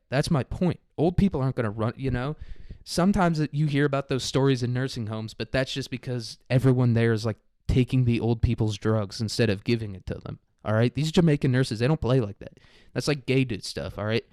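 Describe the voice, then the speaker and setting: A man's voice: medium pitch, a little fast, darkish tone, dry recording, clean studio sound. A man hosting a podcast, rambling through a crude, irreverent comedy monologue full of "like" fillers. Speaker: podcast host.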